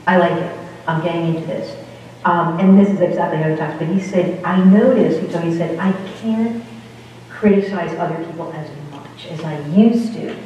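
A woman with a lowish, dark voice at normal speed gives an informal spiritual talk, rambling and chatty and often breaking off mid-sentence. The recording is distant and dull in an echoey hall, with a little hiss or hum.

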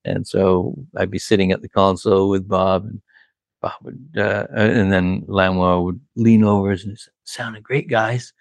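A record producer with a deep, gravelly voice and little pitch movement shares studio stories at a moderate pace in a dry recording. It's rambling, casual storytelling, thick with "like" and "you know", and he laughs at his own anecdotes.

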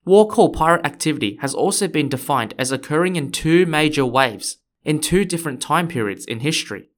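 A man's voice: fairly high pitch, expressive, a little fast. A man, hosting a history podcast in friendly, explanatory scripted narration. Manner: friendly, explanatory, occasionally playful. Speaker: podcast host.

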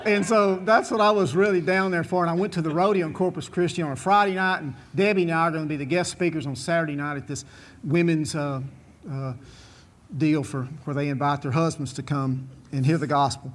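A man's voice: a little high, steady tone, fairly quick. A man, a former bull rider telling a long folksy story to an audience, drawling and chuckling as he goes. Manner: drawling, chuckling, repetitive restarts.

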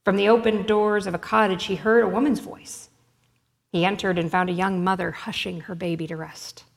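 A woman narrates a story in a measured, expressive reading. Her pitch sits in the middle. A long hall reverb trails each line. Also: vocal fry.

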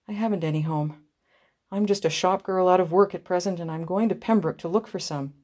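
A woman reading aloud, voicing a pale, gentle young shop girl who speaks softly. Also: on the low side, brisk, natural voice. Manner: soft-spoken.

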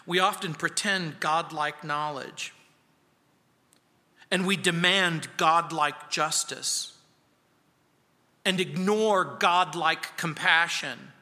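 Male pastor, deliberate emphatic sermon delivery, bright tone, church hall reverb. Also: a little high. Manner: slow, emphatic preaching with dramatic pauses. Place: church sanctuary.

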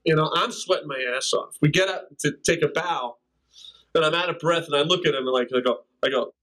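A man's voice: on the high side, a little fast, fairly bright tone, poor audio. An older man, a drummer and interview guest, telling rambling anecdotes in casual conversation and scatting rhythms. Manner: rambling anecdotes with scat-sung drum rhythms and laughs. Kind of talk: casual storytelling.

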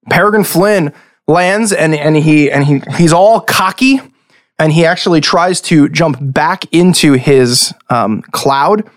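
A man narrating a tabletop game as game master, casual and lively, rambling with fillers. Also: fairly high pitch.

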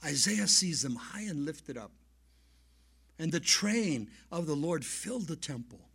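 A male pastor preaching a sermon and telling stories, swinging from soft asides to loud emphasis. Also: on the high side, unhurried, gravelly, breathy edge. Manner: animated storyteller, swings between soft and loud. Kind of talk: sermon with storytelling.

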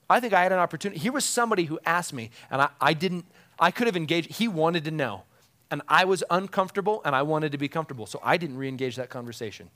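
A man's voice: on the high side, a bit bright. A man who is a pastor, preaching a conversational sermon to his congregation, often chuckling and repeating key phrases for emphasis.

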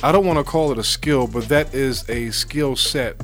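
A man's voice: medium pitch, moderate pace, fairly bright tone, soft background music. A man with a New York accent hosting a gospel radio program, chatting casually and teasing his guest, with plenty of fillers. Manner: playful, teasing, hesitant with fillers. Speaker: radio show host. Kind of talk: casual interview chat.

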